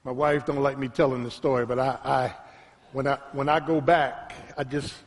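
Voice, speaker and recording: A man preaching a sermon as pastor, trading calls with the congregation and swinging between quiet storytelling and shouted peaks. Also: fairly even intonation, moderate pace. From Philadelphia. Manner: preaching with call-and-response, rising to shouts; drops to a low, quiet storytelling voice. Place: church sanctuary. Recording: long hall reverb in a church.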